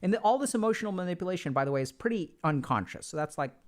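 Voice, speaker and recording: A man giving a casual, animated talk on relationships, acting out quoted dialogue. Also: sits high, rapid-fire. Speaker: relationship educator.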